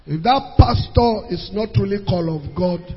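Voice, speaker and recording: A male pastor with a high, husky voice delivers a sermon at a measured pace. He is emphatic, repeating words for stress and sometimes growing loud and rising. The sound is muffled, with long hall reverb and faint music.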